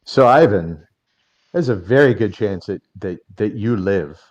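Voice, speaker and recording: A man taking his turn in a tabletop game, speaking in a lowish voice with a measured, slightly hesitant delivery. He talks plainly and casually, pausing to think. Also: lively intonation, a little mellow. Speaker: player.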